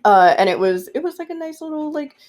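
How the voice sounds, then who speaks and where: A woman with a slightly high voice, telling stories in a lively, casual way. She acts out other people's lines and laughs a lot as she goes. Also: brisk. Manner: animated storyteller, acts out quotes, laughs often. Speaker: podcast guest. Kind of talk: casual chat.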